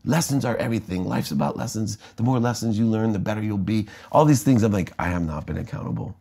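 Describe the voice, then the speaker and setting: A man's voice: on the low side, fast talker, gravelly, mellow, husky. A middle-aged American man, a guest in an interview, telling his life story with energy and acting out the voices of people he quotes. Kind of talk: candid storytelling in conversation.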